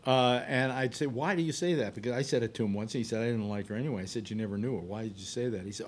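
A man's voice: medium pitch, racing, few pauses, a little hiss or hum. A man hosting a casual panel chat, blunt and wisecracking. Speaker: host.

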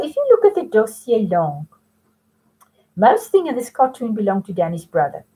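A woman's voice: mid-range voice, dark tone, slightly rough, low-quality recording. A woman teaching French to students in a remote lesson, patiently explaining step by step and mixing in French phrases.

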